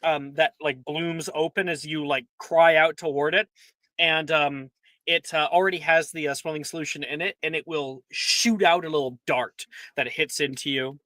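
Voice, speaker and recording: A man's voice: a little high, steady tone, moderate pace, bright, forceful tone, no room sound. A man running a tabletop game as game master, chatty and laughing often, with lots of fillers.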